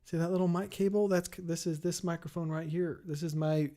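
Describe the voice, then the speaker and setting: A man's voice: a little high, steady tone, a little fast, mellow. A man showing off his home basement studio gear, rambling and thinking aloud with lots of fillers. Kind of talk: casual gear demo. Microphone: main studio mic.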